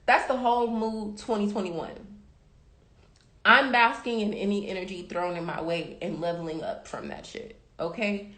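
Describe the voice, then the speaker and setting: A young adult woman hosts a tarot reading livestream from a room at home, chatting casually and emphatically to viewers she calls baby and y'all as she gives motivational talk. Her voice is medium-pitched and fairly bright at a normal speed, with roomy echo in the recording.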